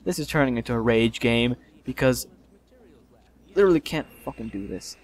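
A young man giving casual let's play commentary, swearing and yelling in frustration as he plays. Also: mid-range voice, moderate pace.

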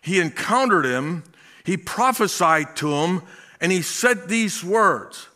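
Male pastor, sermon; bright, somewhat high voice; slow emphatic delivery, folksy chuckling asides. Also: expressive.

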